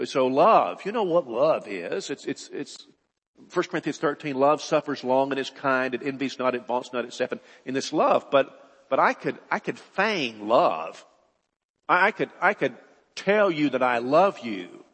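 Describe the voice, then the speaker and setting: Male preacher, husky, mid-pitched, earnest with emphatic bursts; reverberant church hall. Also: a bit bright. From United States. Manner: earnest, repeats words, rises to emphatic bursts. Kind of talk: sermon.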